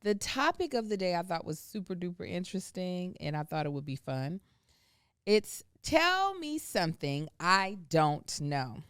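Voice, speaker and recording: A woman co-hosting a casual podcast, chatting and teasing as she tells stories. Her voice sits a little low and comes across smooth and clear. The sound is dry and close. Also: very animated, a little slow, fairly bright tone, dry recording. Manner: chatty storyteller, teasing and laughing. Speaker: podcast co-host. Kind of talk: casual chat.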